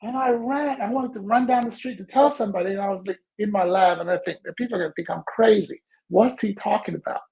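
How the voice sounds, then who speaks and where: Guy hosting a self-help podcast, tells stories all animated, warm mellow voice. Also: high-pitched, fast, vocal fry, hardly any pauses, poor audio. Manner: animated, acts out dialogue in his stories. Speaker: podcast host. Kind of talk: motivational storytelling talk.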